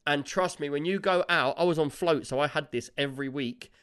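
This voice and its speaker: A man's voice: a little high, fairly quick, fairly bright tone, clean tone. A British man in casual banter, a chatty co-host who rambles through stories and laughs often. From United Kingdom.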